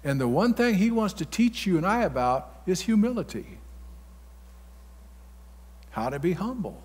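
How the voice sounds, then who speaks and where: His voice is high and husky, with a sing-song lilt and a measured pace. The man is a pastor giving a folksy, blunt sermon full of sudden loud outbursts, echoing with the long reverb of a big church hall.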